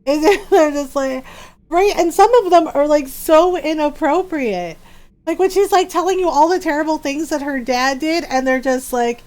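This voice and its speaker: A woman streamer chatting casually while playing a game, animated, laughing often and mimicking characters as she tells a story. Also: high voice, measured pace.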